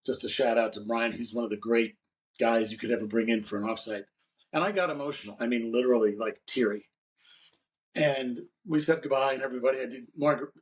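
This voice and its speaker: A man's voice: mid-range voice, distant mic, a little hiss or hum, low-quality recording. A man co-hosting a podcast, telling rambling stories about his career in a casual chat. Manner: rambling anecdotal storyteller. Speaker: podcast co-host.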